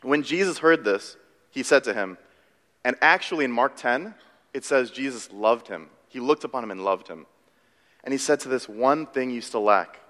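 In a sermon recorded with long hall reverb, a man serving as pastor spins animated, self-deprecating stories. His pitch jumps around rapidly as he speaks.

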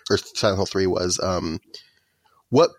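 Low-voiced male host who rambles through his questions, dry close sound. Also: unhurried, no echo. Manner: rambling, stacks questions with restarts. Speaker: interview host. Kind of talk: casual interview.

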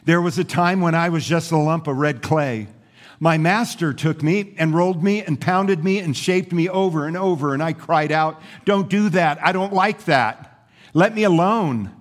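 A pastor voicing a frightened, complaining talking teacup that pleads and cries out while it is shaped, fired and painted in a sermon story. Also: male voice, fairly high pitch, moderate pace, pitched above the performer's own voice, natural voice. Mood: protesting.

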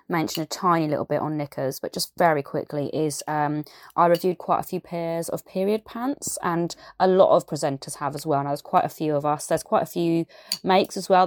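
A woman's voice: deep voice, a little mellow, no room sound, clean studio sound. A woman with a strong southern English accent, chatting casually and enthusiastically as a podcast presenter, with frequent fillers and asides. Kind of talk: casual chat.

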